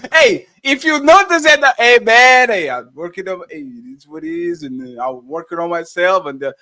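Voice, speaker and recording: A man's voice: very high voice, very animated, moderate pace, vocal fry, pushed and bright. A man hosting a podcast debate who talks emphatically and keeps calling others in.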